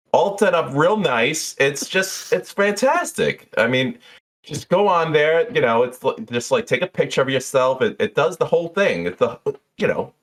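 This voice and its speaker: Man doing a high shrill barmaid, gushing, flustered, lively chatter. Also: full character voice. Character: shrill frazzled woman bartender.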